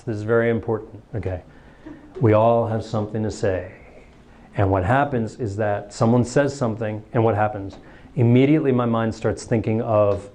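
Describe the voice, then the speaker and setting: A man, a priest, giving a lively talk to students, acting out little scenes and laughing as he goes. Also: mid-range voice, normal speed. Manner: animated, acts out voices, laughs often.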